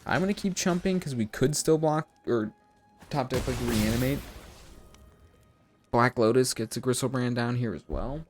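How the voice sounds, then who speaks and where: A man streaming a card game, giving live gameplay commentary while talking to his chat in a self-mocking, animated way. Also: medium pitch, normal speed, long pauses, faint music behind.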